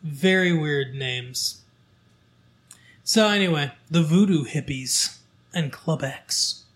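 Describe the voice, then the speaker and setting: A man's voice: fairly high pitch, fairly bright tone. Man casually reading a newspaper aloud. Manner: reads aloud with halting fillers and restarts. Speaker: local show host.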